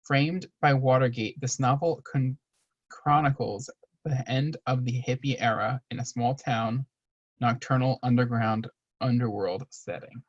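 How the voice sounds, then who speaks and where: A man hosting a writers' open mic, briskly reading an introduction of the next author from notes. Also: medium pitch, steady tone, slightly rough, no echo, lo-fi sound. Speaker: event host introducing a reader.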